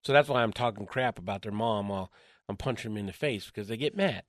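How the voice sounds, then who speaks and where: A man being interviewed, telling a story in lively conversation, acting out the voices in his quotes and chuckling along the way. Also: on the low side, fast, no room sound, studio quality. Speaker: interview guest.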